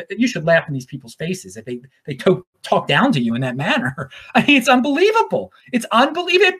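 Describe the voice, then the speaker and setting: A man's voice: very high voice, a bit bright. A man from Baltimore hosting a podcast in a casual solo monologue, rambling, often restarting his words and chuckling as he goes. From Baltimore, USA. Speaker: podcast host.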